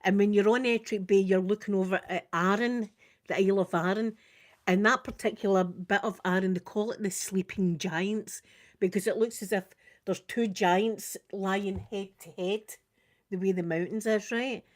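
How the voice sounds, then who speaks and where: Her voice sits in the mid range and moves at a normal speed: an older woman with a Scottish accent, chatting on a live makeup vlog. She brings her anecdotes to life, acting out the screams and quotes.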